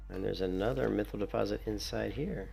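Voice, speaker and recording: Gravelly man doing chatty gameplay commentary. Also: lowish voice, a little fast, darkish tone, faint music behind. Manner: chatty, sarcastic, mocking. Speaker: gaming video creator.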